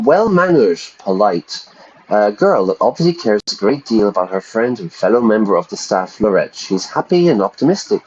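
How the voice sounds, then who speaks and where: A man's voice: lowish voice, a little mellow, lo-fi sound. A man teaching English in a casual livestream from home, chatting with viewers as he reads through notes. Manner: chatty, talks to viewers in chat. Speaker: English teacher streaming a game.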